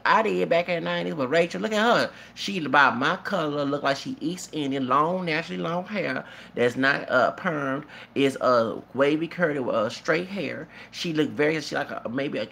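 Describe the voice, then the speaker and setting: A man's voice: a little high, moderate pace, vocal fry, few pauses, pushed and bright, a little hiss or hum. A man ranting casually to his camera as a vlogger, rambling and repetitive, with emphatic asides.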